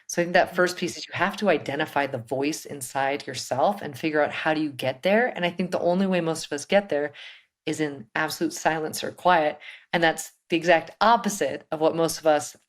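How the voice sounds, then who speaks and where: A woman with a notably low voice, co-hosting a casual podcast chat. She speaks confidently like a coach and keeps turning ideas into rhetorical questions for the listener. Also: brisk. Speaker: podcast co-host.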